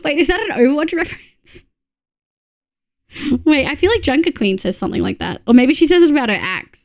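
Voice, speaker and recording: An Australian woman chatting through a live game stream, with a somewhat high voice. She talks loosely and casually to her chat, counts out loud as she works and drops the odd swear word without a second thought. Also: expressive, brisk, gravelly.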